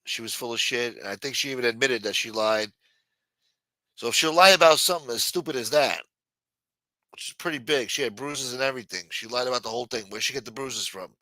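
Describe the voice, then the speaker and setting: A man's voice: medium pitch, a little fast, pushed and bright, no room sound, rough recording. A man hosting a late-night livestream who rants casually and reads news aloud in a profane, blunt and mocking manner. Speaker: livestream host. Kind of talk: casual ranting commentary.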